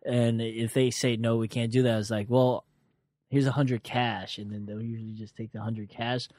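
A man's voice: mid-range voice, level tone, moderate pace, darkish tone, dry recording. A young man, a comedian, telling stories in a casual chat in a dry, sarcastic way with a lot of swearing. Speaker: comedian guest.

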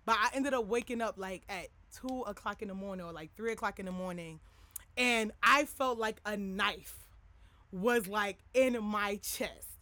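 Here a young woman podcast host talks openly to her audience, wandering from point to point and leaning on lots of fillers. Her pitch is medium, her speed normal, her tone sharp, and the recording has no echo.

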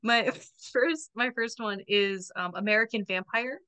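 Bright, chatty young woman podcaster. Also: medium pitch, clean tone. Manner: chatty, laughs often, quotes friends in quick asides. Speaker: podcast co-host. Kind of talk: casual chat.

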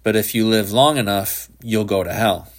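A man voicing a sly, defiant teenage boy who makes flat, knowing pronouncements about damnation. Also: fairly low pitch, normal speed, close to an everyday voice.

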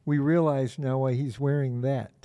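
A man's voice: mid-range voice, steady tone, moderate pace, warm tone, dry recording. A man chiming in during casual chat.

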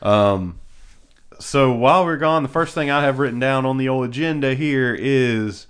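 A man's voice: medium pitch, normal speed, fairly bright tone, smooth. A man co-hosting a podcast, telling stories in casual chat, rambling with restarts and frequent laughter. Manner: rambling storyteller, laughs often, many restarts. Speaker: podcast co-host.

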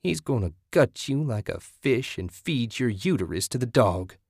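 A man's voice: medium pitch, big pitch swings, gravelly, darkish tone, breathy edge, no echo, studio quality, full character voice. A man voicing a vicious, cackling backwoods woman who hisses taunts and threats in an audiobook. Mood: mocking. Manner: taunting, hissing, drawn-out menace.

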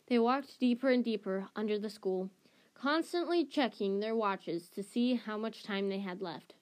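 A woman's voice: on the high side, expressive, a little slow. Woman reading a novel aloud. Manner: restarts and self-corrections. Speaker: storybook reader.

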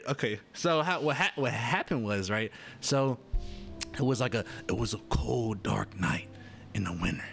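A man's voice: on the low side, expressive, moderate pace, vocal fry, a bit bright, soft background music. A man talking casually to his viewers in a rambling, profane monologue that keeps interrupting itself. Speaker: vlogger.

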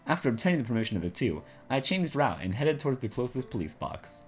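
A man's voice: medium pitch, sing-song, fast talker, slightly rough, soft background music. A young man narrating a visual novel aloud to friends, with laughing asides.

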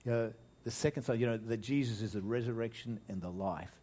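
Animated Australian pastor preaching. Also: male voice, fairly low pitch, brisk. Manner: animated preaching with jokes and frequent restarts, voice swelling for emphasis. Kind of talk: sermon.

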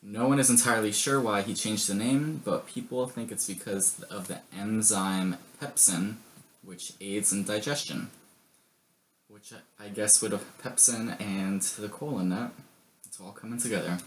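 A man's voice: on the low side, steady tone, normal speed, a little hiss or hum. A young man co-hosting a podcast, reading history facts in casual chat with joking, rambling asides. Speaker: podcast co-host.

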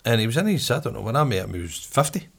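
A man's voice: mid-range voice, very animated, rapid-fire, vocal fry, slightly rough. A man with a Glaswegian accent telling a story in casual chat, laughing often and swearing freely. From Glasgow, Scotland.

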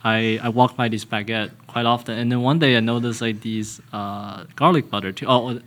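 A young man as a podcast guest, talking casually in a halting, hesitant way with frequent restarts. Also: mid-range voice, fairly even intonation, a bit bright.

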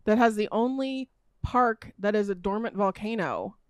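A woman co-hosting a podcast, chatty and quick with reactions and jokes. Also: medium pitch, clear, resonant tone, dry recording, studio quality. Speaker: podcast co-host. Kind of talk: casual chat.

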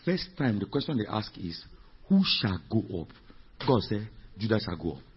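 A pastor preaching with a very husky, raspy voice that sits a little high and leaps widely in pitch. He moves from low murmurs to shouted climaxes and keeps asking the congregation questions. The recording sounds dull and lo-fi. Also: very animated, moderate pace. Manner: emphatic, repetitive preaching with rhetorical questions. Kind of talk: sermon.

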